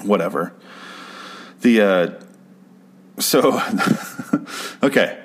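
Profane, exasperated man ranting, low voice. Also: animated, drawn-out words, husky. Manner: profane, exasperated, rambling with restarts. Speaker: show recap host. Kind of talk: casual ranting commentary.

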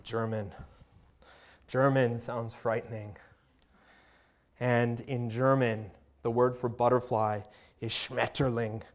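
A male pastor preaching to his congregation in an earnest voice. His pitch sits in the middle range for a man. He leans on emphatic pauses and lets his volume swell and drop. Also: flat delivery. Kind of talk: sermon.

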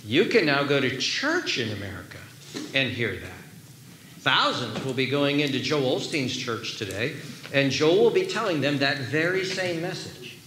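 A man's voice: mid-range voice, big pitch swings, normal speed, pushed and bright, slight background noise. A man preaching a sermon as pastor, earnest and emphatic, repeating his key phrases. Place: church sanctuary. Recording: echoey room, faint ambience.

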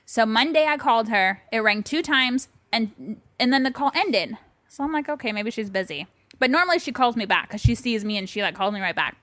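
A woman co-hosts a relaxed chat podcast from a bedroom. She tells a personal story in a lively way and acts out both sides of a phone call. Her voice sits a little high and sounds dry and close. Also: brisk, dry recording. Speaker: podcast co-host. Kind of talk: casual chat.

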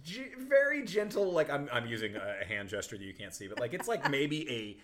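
A man's voice: medium pitch, a little fast, a little hiss or hum. A man co-hosting a podcast, chatting casually about a film, rambling and laughing often. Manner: animated, rambling, laughs a lot. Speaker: podcast co-host.

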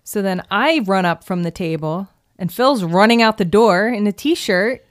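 A woman's voice: medium pitch, expressive, moderate pace. A woman co-hosting a podcast, chatting candidly and adding details to a shared story. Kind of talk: casual storytelling.

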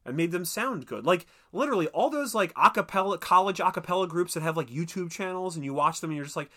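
A man's voice: sits high, lively intonation, fast talker, sharp tone. A man co-hosting a podcast, chatting casually and profanely about a film, riffing and griping with mock voices. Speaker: podcast co-host. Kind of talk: casual chat, film review.

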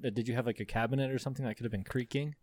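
A man's voice: mid-range voice, fairly even intonation, no echo, clean studio sound. A man co-hosting a podcast, chatting casually and asking curious questions. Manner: quick reactions, curious questions. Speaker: podcast co-host. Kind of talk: casual chat.

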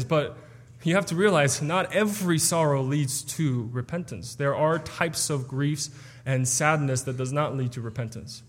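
A man's voice: fairly high pitch, normal speed, big-room sound. A man preaching an expository sermon, explaining a passage earnestly with some stumbles and restarts.

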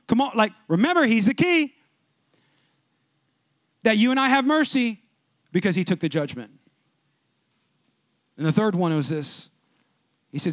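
Man, pastor, sermon, high voice, emphatic, repeats himself, dry close sound. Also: no echo. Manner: emphatic, repetitive, calls on the congregation.

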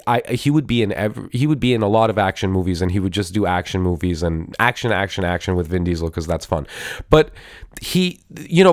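A man's voice: lowish voice, no echo, studio quality. A man hosting a podcast, reviewing a movie in a wry, rambling way with lots of restarts and repeated words. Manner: wry, mock-admiring tone. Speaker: podcast host. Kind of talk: casual movie review talk.

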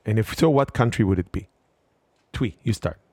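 A woman hosting a casual chat who teases her guests and jumps quickly from topic to topic. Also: extremely low pitch, husky, no echo. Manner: quick topic changes, teasing, animated questions. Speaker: host.

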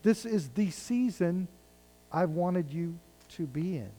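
A male pastor with a high-sitting, dark-toned voice and lively intonation takes his time, reading scripture and restating it in everyday words. His delivery rises and falls in intensity, heard through a rough recording.

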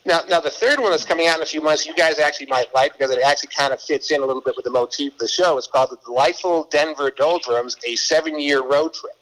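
A man's voice: a little high, quick pace, few pauses, fairly bright tone, slight background noise, poor audio. Rambling middle-aged man from Boston. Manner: rambling, stumbles and repeats words. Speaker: guest author. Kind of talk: casual storytelling interview.

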